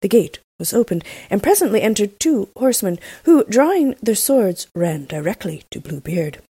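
A woman reading a fairy tale aloud, steady, with small slips. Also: medium pitch, normal speed, husky, no echo. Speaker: storyteller.

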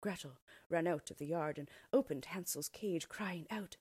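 A woman reading a fairy tale aloud in an expressive storyteller's way. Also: fairly low pitch, normal speed, husky, dry recording.

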